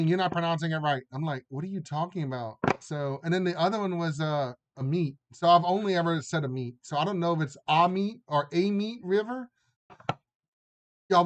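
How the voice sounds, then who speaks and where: Chatty Cajun man, slightly high voice. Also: background noise. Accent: Cajun Louisiana. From Louisiana, Lafayette area. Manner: chatty, rambling, drawling "y'all", laughs often. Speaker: live-stream card reader. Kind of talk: casual live-stream chat and card reading.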